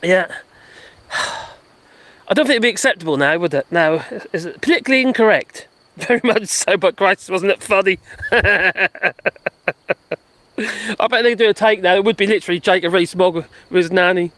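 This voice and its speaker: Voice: mid-range voice, moderate pace, pauses often, a bit bright, no room sound. A live-stream host, chatting in a rambling way from a garden and laughing often. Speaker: livestream host. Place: outdoors in a garden.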